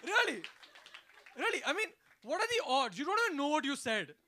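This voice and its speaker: A man does stand-up, his voice very high and swinging widely in pitch. He acts out little characters as he goes, over a loud laughing crowd and heavy room noise. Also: brisk. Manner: animated, acts out characters, mixes in Hindi phrases. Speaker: stand-up comedian. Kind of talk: stand-up comedy set. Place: comedy club stage. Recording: loud crowd and noisy club.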